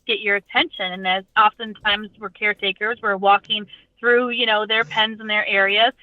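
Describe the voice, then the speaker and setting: A woman talking casually as an interview guest about keeping roosters, animated and acting out what the birds might say. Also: medium pitch, normal speed, dry recording. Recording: dull, dry sound.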